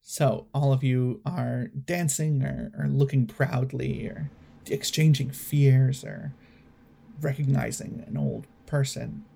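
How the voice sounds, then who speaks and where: Gravelly, chatty game master. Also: medium pitch, warm tone. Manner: loose, chatty, many fillers. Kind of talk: narrating a tabletop game.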